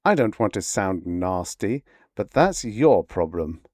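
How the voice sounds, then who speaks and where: A tense, impatient pilot who barks orders and answers sarcastically, as a male narrator plays him. The voice rises and falls widely, slow and dry, close to the mic. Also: low voice, sing-song, a little mellow, dry recording, exaggerated voice. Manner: barking, sarcastic.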